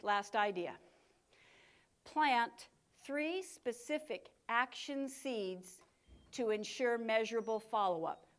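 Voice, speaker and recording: A high-pitched woman speaking to a live audience in a conference room. Her delivery is energetic and punchy, with dramatic pauses between key words. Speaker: communication speaker. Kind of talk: live workshop talk to an audience.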